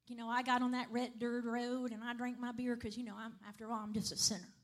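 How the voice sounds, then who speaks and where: Brief: woman preacher, high voice, chatty sermon delivery that keeps asking "right?". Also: level tone, fast. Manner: conversational, repeats "right?" and "okay?" to the congregation.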